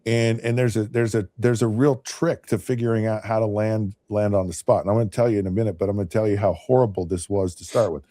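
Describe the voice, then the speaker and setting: A man in his fifties with a relaxed, mellow tone tells a long story in a loose, chatty way, often circling back and restarting his sentences. The sound is close and dry, with no room around it. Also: lowish voice, fast, few pauses, no echo. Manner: rambling, with frequent restarts and repeated words. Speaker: podcast host and former NFL quarterback. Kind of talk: casual anecdotal storytelling.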